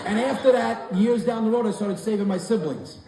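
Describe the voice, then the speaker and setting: A man's voice: high voice, brisk, dark tone. A man in his forties doing a stand-up comedy set before a live audience in a large hall, telling profane stories brashly. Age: 40s. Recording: echoey hall, far-off mic, crowd laughter.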